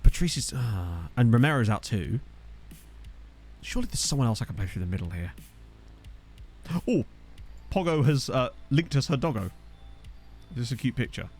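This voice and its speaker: A man's voice: mid-range voice, very animated, normal speed, long pauses, a little mellow, faint music behind. A young man casually chatting to his live chat while playing a game, rambling and reacting as he goes, into a desktop microphone. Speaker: gaming streamer. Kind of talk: casual live-stream commentary. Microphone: desktop USB microphone.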